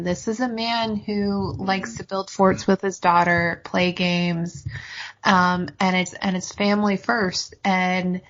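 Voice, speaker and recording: A woman's voice: fairly low pitch, lo-fi sound. A woman hosting a podcast, leading a casual discussion in a thoughtful way. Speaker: podcast host.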